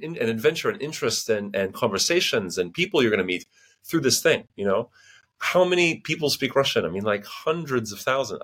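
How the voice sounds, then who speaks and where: An American man in his thirties, a linguist guest in a casual interview, telling stories with lots of fillers and acting out other people's voices. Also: lowish voice. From United States. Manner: animated storyteller, acts out quoted voices, frequent fillers.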